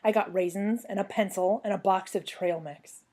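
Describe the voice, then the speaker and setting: At home on her couch, a young woman reads a children's book aloud to a former student, telling the story with lively expression. Her pitch is medium and her speed normal.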